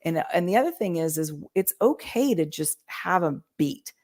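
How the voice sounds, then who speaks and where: A woman talking through communication skills on a podcast, teaching in a lively way and acting out quoted lines. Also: lowish voice, moderate pace. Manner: animated teaching, acts out quoted voices. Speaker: real estate agent. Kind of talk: podcast conversation, coaching.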